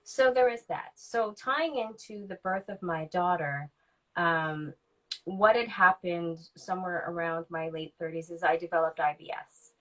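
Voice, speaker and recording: A woman in her forties with a fairly low, slightly bright voice, heard on a low-quality recording. As a podcast guest, she reflectively tells a candid personal story full of ums, acting out dialogue she remembers.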